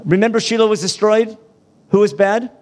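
A rabbi with a fairly high voice teaches a class in a college lecture hall. He keeps firing questions at his listeners and drops quick asides between points. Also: fairly even intonation, darkish tone. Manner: quizzes audience, quick asides.

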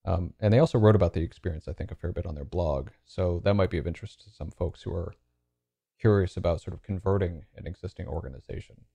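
A man's voice: sits low, fast, creaky, mellow, breathy edge, dry recording. A man speaking as a podcast guest and author, thoughtful and hedging with frequent fillers. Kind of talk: casual interview talk.

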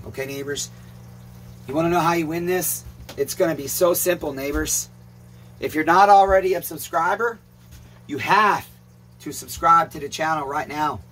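A man who owns a chainsaw repair shop and hosts a channel talks in a rambling, casual vlog, calling his viewers "neighbors." He's emphatic and swears often, in a high, sharp, slightly rough voice.

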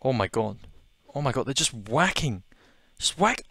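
A young Australian man narrates his gameplay in a jumpy, excitable way. He gasps often and repeats his exclamations over and over, with a medium-pitched voice. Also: moderate pace, gravelly, faint music behind. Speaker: gaming video host. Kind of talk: let's-play commentary.

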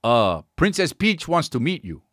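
Lively, rambling man telling a story. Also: on the high side, normal speed, no echo, clean studio sound. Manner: rambling, swearing, animated impressions. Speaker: podcast host. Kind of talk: casual storytelling monologue.

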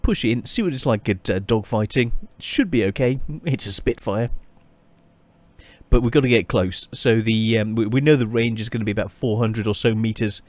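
A man giving casual, chatty gameplay commentary as a channel host, often pausing and restarting his sentences. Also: on the low side, a little mellow, no room sound. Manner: chatty, halting, many restarts and fillers.

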